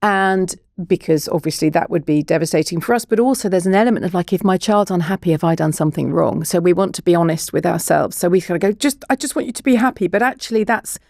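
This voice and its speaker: A woman's voice: lowish voice, fast, creaky, few pauses, a little mellow, dry recording, studio quality. A middle-aged woman, a child therapist and broadcaster, explaining things earnestly as a guest in a podcast interview. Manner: earnest, explanatory, science-minded.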